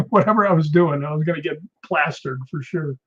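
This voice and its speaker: Lively man telling stories, dull lo-fi sound. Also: a little high, moderate pace, slightly rough. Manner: animated storyteller, laughs often. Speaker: guest, film actor. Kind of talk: casual interview anecdotes.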